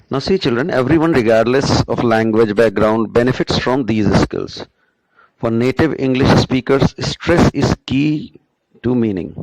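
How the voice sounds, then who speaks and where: A man teaching a spoken English lesson, speaking deliberately and often checking in with "right?". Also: medium pitch, gravelly, darkish tone, rough recording. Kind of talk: classroom lecture.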